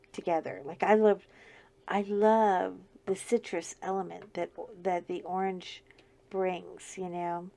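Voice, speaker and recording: Chatting casually as she works on a diamond painting, a middle-aged crafting channel host laughs frequently. Her scratchy voice is lowish, gravelly, and warm in tone.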